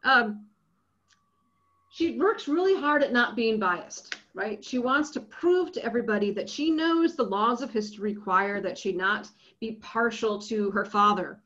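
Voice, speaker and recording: A woman giving an academic lecture, lively and often checking in with her listeners. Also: a little high, a little slow, dull audio. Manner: lively, checks in with frequent "right?".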